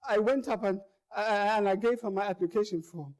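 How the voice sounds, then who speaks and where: Speaking briskly in a high register, this man performs a monologue about his own experience. Sincere throughout, he circles back on the same words and raises his volume as things grow tense.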